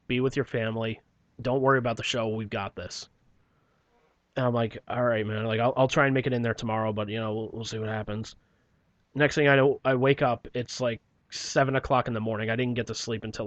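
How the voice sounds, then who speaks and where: A podcast guest with a medium-pitched voice tells his story in a rambling, profane, casual way. He often clears his throat and trails off quietly. The recording is dry and close-miked.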